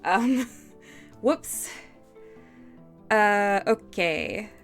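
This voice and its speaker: A woman's voice: mid-range voice, drawn-out words, a bit bright, soft background music. A woman from the UK streaming live, chatting casually and reading comments aloud in a self-deprecating, giggly way. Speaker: streamer co-writing a story with AI.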